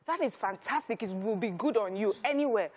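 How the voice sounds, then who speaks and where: A woman's voice: fairly high pitch, animated, fairly quick, a little mellow. A woman with a Nigerian accent explains her views at length on a studio talk show. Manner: thoughtful, explanatory. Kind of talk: studio panel discussion.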